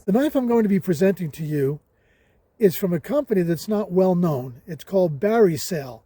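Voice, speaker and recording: An older man with a high, husky voice talks about a budget knife while out on a hiking trail. He speaks casually and with emphasis, often repeating a word for stress. His tone is mellow and the sound is dry. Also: lively intonation, moderate pace, no echo. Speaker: hiking vlogger. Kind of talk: casual outdoor gear review.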